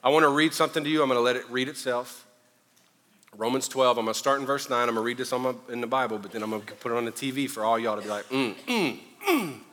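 A middle-aged man with a Southern accent preaching a sermon, animated and joking, swinging between loud and quiet. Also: mid-range voice, rapid-fire. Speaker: pastor. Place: church sanctuary. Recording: long hall reverb.

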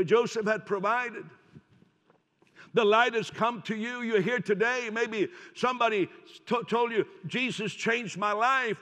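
High-voiced preacher man in a reverberant hall. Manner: swings from hushed storytelling to loud emphatic preaching. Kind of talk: sermon.

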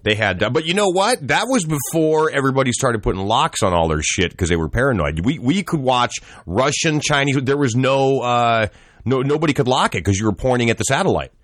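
A man's voice: medium pitch, expressive, fairly quick, a bit bright, no echo, clean studio sound. A man co-hosting a casual podcast, telling a news story in a rambling way and acting out the quotes. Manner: rambling, laughing, acts out quotes. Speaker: podcast co-host.

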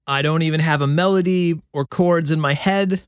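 A man hosting his own songwriting show, thinking aloud about a new song in a relaxed, self-deprecating way. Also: on the high side, moderate pace, clean tone, dry recording, clean studio sound. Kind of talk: casual talk about songwriting. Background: guitar playing.

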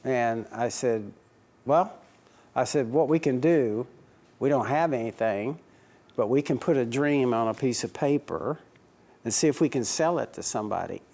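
A man's voice: mid-range voice, expressive, moderate pace, creaky, a little mellow. A man who owns a racing team, answering interview questions with anecdotes, chuckling often and acting out old conversations. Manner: chuckling anecdotal storyteller, acts out dialogue.

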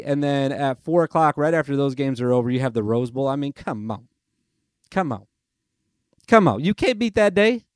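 A man's voice: medium pitch, a little mellow, clean tone, no room sound, clean studio sound. A young man hosting a casual sports podcast, rambling and chatty, amusing himself as he goes. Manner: chatty, rambling, self-amused. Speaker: podcast host. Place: lives in Nashville.

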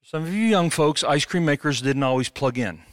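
A middle-aged man preaching a sermon as a pastor, animated and conversational, with jokes. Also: a little high, moderate pace, dry recording, clean studio sound.

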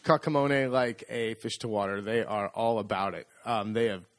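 A man's voice: on the low side, fairly even intonation, moderate pace, no echo. A man co-hosting a casual podcast, chatting with wry, incredulous asides. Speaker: podcast co-host. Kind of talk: casual chat.

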